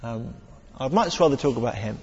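A man's voice: mid-range voice, a little fast, slightly rough, long reverb tail, lo-fi sound. A man preaching a conversational sermon, acting out little exchanges with humor and fillers. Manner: conversational, animated when acting out exchanges, self-deprecating humor.

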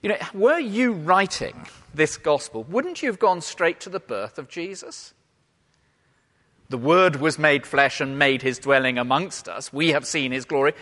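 A man preaching a sermon in an animated, emphatic way, swinging between loud and hushed. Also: on the high side. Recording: long hall reverb.

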